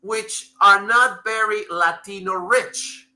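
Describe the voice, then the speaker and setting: A man's voice: high voice, takes it slowly, noisy background. A man, a native Spanish speaker, co-hosting a casual panel chat and explaining his point at length. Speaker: co-host.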